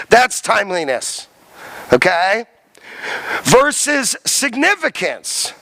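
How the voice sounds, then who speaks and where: High-pitched, animated male lecturer. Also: vocal fry, no echo. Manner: emphatic, quizzes students, repeats key terms. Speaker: college lecturer. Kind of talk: classroom lecture. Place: lecture classroom.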